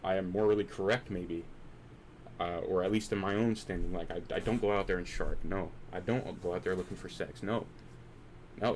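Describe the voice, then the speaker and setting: Low-voiced young man, rambling and searching. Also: slight background noise. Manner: searching, philosophical, repeats and restarts. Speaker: streamer. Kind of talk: rambling late-night chat.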